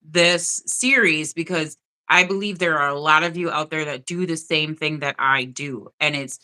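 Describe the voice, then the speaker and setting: A woman's voice: deep voice, moderate pace, sharp tone. A woman hosting a spiritual live stream, talking earnestly and directly to her viewers in casual chat.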